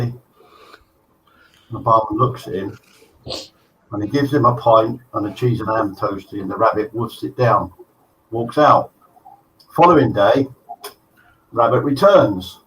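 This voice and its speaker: A man co-hosting a live show, telling a long corny joke in an animated, self-mocking way. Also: fairly low pitch, measured pace, long pauses. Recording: distant mic, faint noise.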